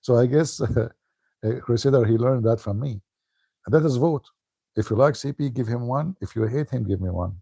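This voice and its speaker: A man's voice: medium pitch, moderate pace, gravelly, dark tone, slightly rough, dry recording. A man giving a casual livestream talk as an online commentator, joking and laughing often.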